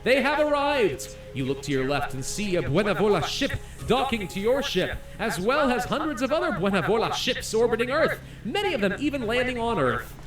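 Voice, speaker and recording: A man playing a game on video, excitedly reading its story text aloud and reacting with laughs. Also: high voice, a little fast, reverberant, far from the mic, soft background music. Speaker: gaming YouTuber.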